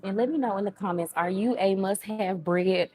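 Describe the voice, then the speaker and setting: A woman's voice: mid-range voice, moderate pace, darkish tone, slight background noise. Chatty Southern woman cooking live. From Southern United States. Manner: chatty, talks to viewers as friends. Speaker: home cooking livestream host. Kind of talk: casual live cooking chat. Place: home kitchen. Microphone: new microphone.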